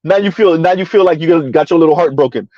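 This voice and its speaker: A man's voice: fairly high pitch, fast talker, mellow, no echo, dull audio. A man giving heated, mocking commentary in a ranting style, his voice jumping up sharply for emphasis. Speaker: online commentator.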